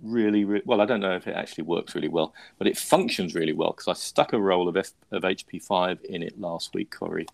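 A podcast host with a low, creaky voice talks briskly and barely pauses. In casual chat he rambles through a story, mocking himself and restarting often.

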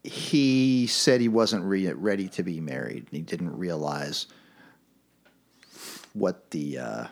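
A man co-hosting a podcast, chatting in a playful, animated way. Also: low voice, slow pace, creaky, long pauses. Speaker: podcast co-host. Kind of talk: casual chat.

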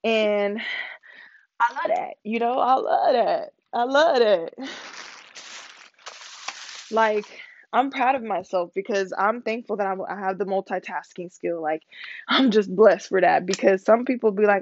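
A woman's voice: mid-range voice, measured pace, long pauses. A young woman talking candidly in a casual vlog, rambling with lots of "like" and freely swearing. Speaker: vlogger. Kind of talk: casual personal vlog monologue. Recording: dull lo-fi recording with faint noise.

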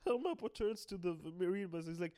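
A young man recaps a story casually, rambling with many restarts and laughing often. His voice sits fairly high for a man. The sound is dry and close. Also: warm tone, no echo. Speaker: video host.

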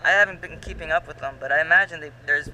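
Dude with a super bright sharp voice, rambly casual questions, trails off a lot. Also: male voice, fairly high pitch, fast talker, a little hiss or hum, poor audio. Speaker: conversation partner. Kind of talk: casual chat.

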